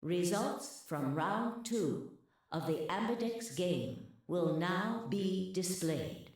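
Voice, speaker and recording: A woman streamer voicing a formal, flat game announcer. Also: on the low side, takes it slowly, very echoey, voice pushed up. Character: cold slow game announcer voice.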